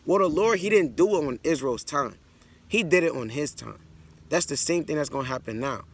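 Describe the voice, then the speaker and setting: A man's voice: fairly high pitch, lively intonation, moderate pace, a bit bright, slightly rough. A man teaching the Bible in a blunt, conversational preaching style. He reads scripture aloud, then explains it, and keeps checking in with "all right" and "man.".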